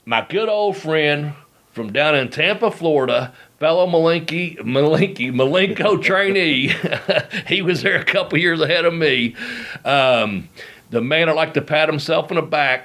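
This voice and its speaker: A man's voice: a little high, a bit bright. A middle-aged man hosting a podcast, telling rambling stories in casual chat and laughing as he goes. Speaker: podcast host. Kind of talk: casual storytelling.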